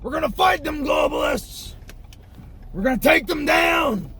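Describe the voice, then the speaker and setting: A man voicing a fiery middle-aged conspiracy talk-show host who preaches and builds to furious shouting, recorded outdoors near traffic with street noise behind. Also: high-pitched, animated, unhurried. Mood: bellowing. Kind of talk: comic impression rant.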